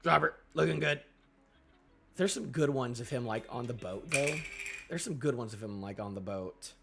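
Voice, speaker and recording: A young man reviewing a manga chapter on a casual live stream, excitable and full of fillers. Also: medium pitch, normal speed, vocal fry, faint music behind. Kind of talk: casual live reading and reaction.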